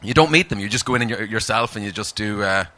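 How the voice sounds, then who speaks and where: A man's voice: on the low side, fast talker, sharp tone, no echo. A man, an actor, chatting as an interview guest in a dry, rambling way, hesitant and full of fillers. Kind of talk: casual interview chat.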